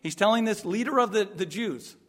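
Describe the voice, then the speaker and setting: A man preaching a sermon, emphatic, moving between quiet asides and loud outbursts. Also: high voice, brisk. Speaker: pastor.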